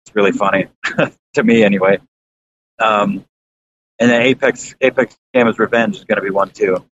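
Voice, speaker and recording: A man's voice: steady tone, normal speed, fairly bright tone. A man chatting casually on a podcast, rambling with lots of fillers and restarts and casual swearing. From American South. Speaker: YouTuber guest. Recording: slightly dull lo-fi sound with faint rumble.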